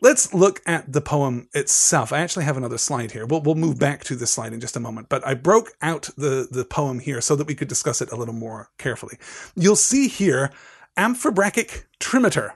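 A man giving a literary lecture with slides, animated and analytical, with frequent digressions. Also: medium pitch, a little fast, creaky, breathy edge. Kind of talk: literary lecture with slides and read-aloud passages.

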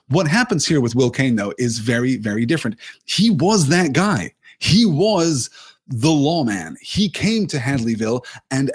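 Husky thoughtful man discussing film. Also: mid-range voice. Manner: thoughtful, rephrasing as he goes, with lively emphasis. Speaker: film commentator. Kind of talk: film analysis talk.

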